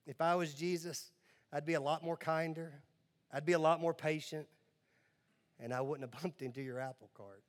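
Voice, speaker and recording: A man's voice: a little high, fairly even intonation, normal speed, in a large hall, close to an everyday voice. A man voicing a flustered, remorseful traveler who stammers and apologizes. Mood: gentle.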